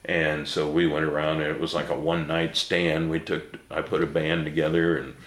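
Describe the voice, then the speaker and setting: Deep-voiced man telling stories, echoey room. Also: flat delivery, moderate pace, a bit bright. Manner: laughs often while telling stories; blunt, mild swearing. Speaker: interview guest. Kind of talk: casual storytelling.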